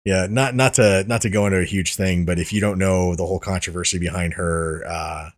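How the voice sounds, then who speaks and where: A man's voice: low voice, steady tone, fairly quick. A man hosting a casual podcast chat, rambling and restarting his sentences, swearing freely. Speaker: podcast host.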